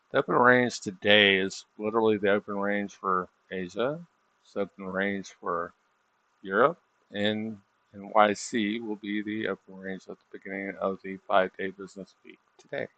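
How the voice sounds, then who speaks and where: A man's voice: lowish voice, a little slow, gravelly, long pauses, bright, forceful tone, no echo. A middle-aged man livestreaming his trading, talking casually in a rambling, self-deprecating way. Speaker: livestreaming trader.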